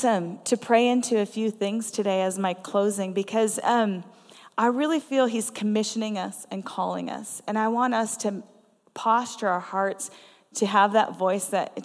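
A woman preaching a sermon in a church, telling personal stories in an earnest, conversational way. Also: mid-range voice. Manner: conversational and earnest, with frequent laughs. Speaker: guest preacher. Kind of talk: storytelling sermon. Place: church sanctuary. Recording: long reverb of a church hall.

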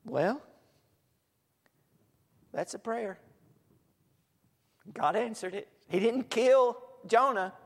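A man preaching a sermon, swinging from soft asides to loud, emphatic lines. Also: very high voice, extremely slow, long pauses. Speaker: pastor. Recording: echoey hall.

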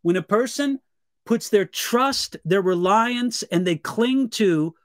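High-voiced man, a pastor, answering questions. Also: lively intonation, no room sound, studio quality. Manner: earnest, measured, reads viewer questions aloud. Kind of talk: live Q&A teaching.

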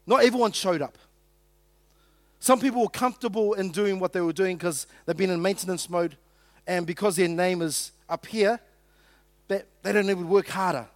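High-voiced New pastor preaching casually. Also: male voice, no echo. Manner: conversational, joking with the congregation, acting out quotes. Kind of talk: sermon.

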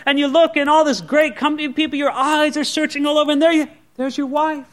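A male pastor preaching a sermon, telling the story in an animated way and speaking straight to his congregation. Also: very high voice, quick pace, hardly any pauses. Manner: animated storytelling, addresses the listener directly.

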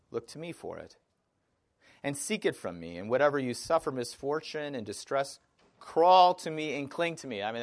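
A man with a Wisconsin accent teaching a Bible study class, speaking conversationally with fillers and questions to the group. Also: mid-range voice.

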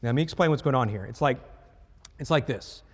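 A man preaching a sermon as pastor, lively, explaining scripture and acting out voices in dialogue. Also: medium pitch, fast, breathy edge. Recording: reverberant hall.

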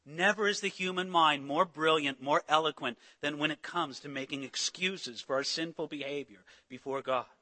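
A man preaching a sermon as a pastor, animated, acting out the voices of biblical figures. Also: on the high side, moderate pace, few pauses, in a large hall.

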